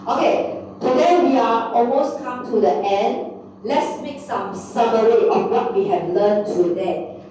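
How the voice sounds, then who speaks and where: A woman teaches a beginner Mandarin class, slowly and patiently, repeating each word and stopping to check with "okay?". Her voice is mellow and unhurried. It sounds echoey and distant, with faint noise behind. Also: on the high side. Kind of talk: classroom lesson. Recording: echoey room, mic far off, faint background noise.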